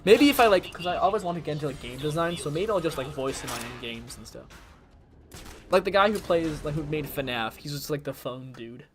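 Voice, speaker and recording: A man's voice: a little high, animated, brisk, faint music behind. A young man rambling casually while streaming a game, with lots of fillers. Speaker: gaming streamer. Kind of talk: casual chat while gaming.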